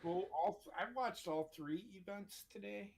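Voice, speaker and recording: A man's voice: sits high, a little slow, gravelly, over a noisy crowd. A man chatting casually with friends while gaming, blunt and grumbling, swearing a lot. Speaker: show regular, wrestling fan.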